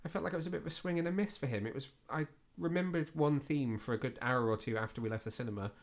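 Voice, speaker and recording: A man's voice: medium pitch, fast talker. A man co-hosting a podcast, talking casually with lots of fillers and self-deprecating asides. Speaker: podcast co-host. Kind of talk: casual chat.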